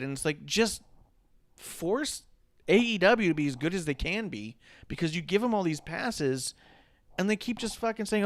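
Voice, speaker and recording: A man's voice: on the high side, lively intonation, normal speed, dry recording. A man co-hosting a casual wrestling talk show, ranting with sarcasm and swearing freely. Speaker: podcast co-host.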